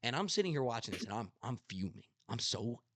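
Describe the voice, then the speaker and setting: A man's voice: mid-range voice, sing-song, quick pace. A young man hosting a podcast in casual chat, telling a story with emphatic passion and the odd swear. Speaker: podcast host.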